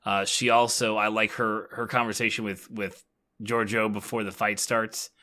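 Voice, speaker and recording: Male co-host, low voice with a bright edge, relaxed plot recap with ums. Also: normal speed. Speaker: podcast co-host. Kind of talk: casual chat.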